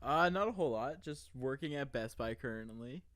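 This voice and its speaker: A man's voice: mid-range voice, expressive, moderate pace, a bit bright, dry recording. A young man, a podcast guest who chats in short, laid-back answers. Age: young adult. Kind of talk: casual chat.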